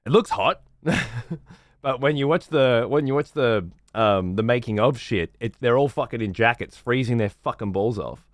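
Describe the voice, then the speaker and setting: A man's voice: mid-range voice, normal speed, no room sound. A man streaming a game, chatting casually in a rambling, heavily profane way. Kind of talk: casual chat while gaming.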